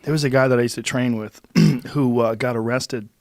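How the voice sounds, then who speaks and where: A middle-aged man hosting a podcast, chatting casually with quick reactions and some swearing. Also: medium pitch, steady tone, no room sound. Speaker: podcast host. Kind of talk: casual chat.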